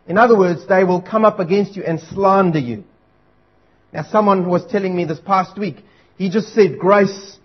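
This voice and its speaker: A man delivers an earnest, urgent sermon, repeating his key lines for weight. His voice sits high and a little husky. The recording is dull and lo-fi. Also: normal speed. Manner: earnest, urgent preaching with emphatic repetition. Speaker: preacher.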